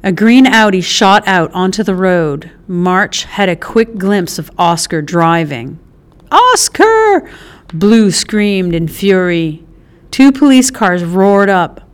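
A woman narrating an audiobook in a measured, expressive way. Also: lowish voice, clear, resonant tone. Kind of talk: scripted narration.

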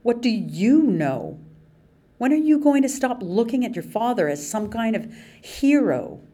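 A woman reading an audiobook, voicing a furious, scornful teenage girl in a sharp, raised voice. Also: fairly high pitch, big pitch swings, measured pace, pitched above the performer's own voice.

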